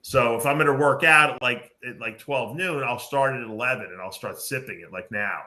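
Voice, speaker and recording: A man's voice: medium pitch, fairly quick, bright, forceful tone. A man hosting a podcast, chatting casually and explaining things at length with lots of fillers. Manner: rambling, explanatory, many fillers. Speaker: podcast host.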